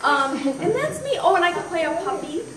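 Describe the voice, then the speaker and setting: A woman's voice: very high-pitched, sing-song, fairly quick, crowd noise. A woman auditioning as an actor, chatty and hesitant with frequent giggles, in a school hall. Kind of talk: audition introduction. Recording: echoey room from far off, clear noise.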